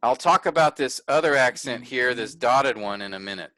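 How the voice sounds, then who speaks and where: A man's voice: medium pitch, animated, moderate pace, sharp tone. A man teaching a workshop over a video call, patiently explaining and often stopping to check that his listeners follow. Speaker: Bible teacher. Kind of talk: online workshop lecture.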